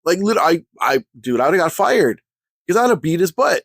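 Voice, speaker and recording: A man telling a story in a casual rant for his vlog, heated and full of slang, clearly fed up. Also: a little high, big pitch swings, moderate pace, fairly bright tone, dry recording. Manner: heated, slangy, exasperated ranting.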